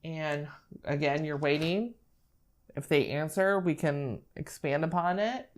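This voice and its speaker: A young woman speech therapist calmly explaining, step by step, how to model words while reading with a child. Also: sits low, measured pace. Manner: calm, step-by-step explaining with fillers. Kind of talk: instructional demonstration.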